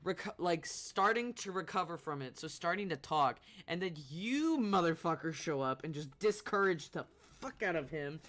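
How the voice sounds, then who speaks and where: A game streamer gives loud, casual commentary full of swearing and jokes, laughing often. The voice is bright and forceful, pitched in a middle range. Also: lively intonation, moderate pace, hardly any pauses. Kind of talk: casual let's-play commentary.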